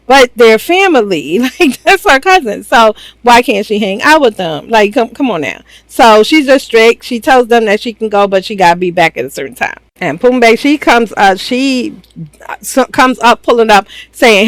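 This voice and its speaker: A woman's voice: fairly high pitch, lively intonation, moderate pace, no room sound, poor audio. A woman giving a chatty, slangy, casual recap of a reality show, laughing often. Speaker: reaction channel host.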